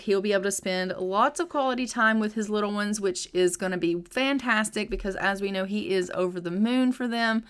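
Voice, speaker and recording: A woman's voice: medium pitch, a bit bright. A woman giving casual, chatty commentary over a life-simulation game, upbeat with frequent "um" fillers. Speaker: gaming channel host. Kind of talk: casual let's-play commentary.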